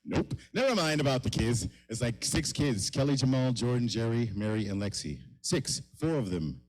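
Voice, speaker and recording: A man's voice: mid-range voice, sing-song, normal speed, darkish tone, rough recording. A middle-aged man hosting a live comedy show in a kava lounge, rambling and mocking himself with stumbling restarts.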